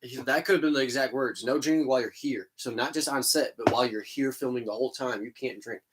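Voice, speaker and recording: A man co-hosting a casual podcast, blunt and quick to swear while giving his opinion. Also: medium pitch, fairly even intonation, background noise. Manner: blunt, swearing, reacts with short agreements. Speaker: podcast co-host.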